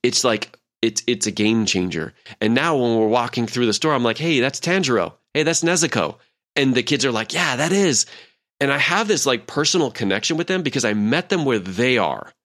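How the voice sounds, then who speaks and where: A man's voice: mid-range voice, animated, brisk, hardly any pauses, a bit bright. A man in his forties hosting a podcast as a leadership coach, talking casually with many fillers and acted-out quotes. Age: 40s.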